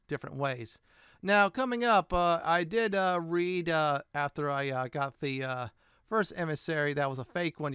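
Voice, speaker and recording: Brief: male let's-play host with a smooth, clear, slightly high voice, chatty and thinking aloud, dry close mic. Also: fairly bright tone, dry recording. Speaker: gaming channel host.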